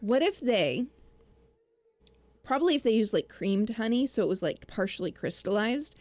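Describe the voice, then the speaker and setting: A woman chatting casually as co-host of a stream, relaxed and laughing often, bothered by hiccups. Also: a little high, normal speed, no echo. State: has the hiccups. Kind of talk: casual chat.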